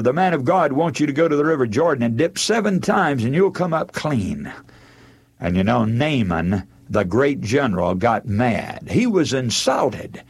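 A man preaching a sermon, retelling a Bible story with animated storytelling and acting out the characters' lines. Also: mid-range voice, breathy edge.

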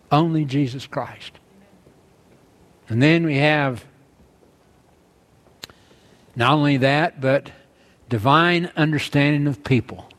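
A man preaching a sermon, earnestly reading scripture aloud and driving his points home with emphasis. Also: a little high.

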